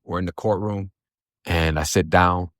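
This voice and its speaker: A very deep-voiced man tells his own hard story in blunt, profane street talk. The recording is dry and close, with no room around him. He now and then quotes other people in put-on voices. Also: steady tone, measured pace, fairly bright tone, dry recording. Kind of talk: casual first-person storytelling.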